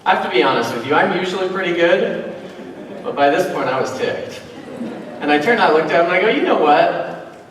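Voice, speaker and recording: High-voiced man telling stories in echoey hall. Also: quick pace, far from the mic, a little hiss or hum. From Utah, USA. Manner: animated storyteller, acts out dialogue, conversational asides. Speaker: keynote speaker. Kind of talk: motivational keynote storytelling. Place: large convention hall, live audience.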